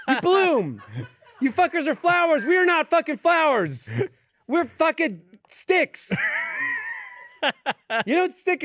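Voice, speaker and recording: A man co-hosting a podcast, telling a profane comedic story in a casual chat and acting out the people in it. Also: extremely high pitch. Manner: animated, profane, acts out the people in his story. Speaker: podcast co-host. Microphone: studio podcast mic.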